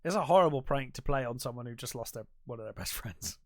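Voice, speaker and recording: A man's voice: medium pitch, lively intonation, quick pace, a little mellow, no room sound, studio quality. A man co-hosting a podcast, casually retelling a film's plot in a rambling way, full of fillers and restarts. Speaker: podcast co-host. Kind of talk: casual film recap chat.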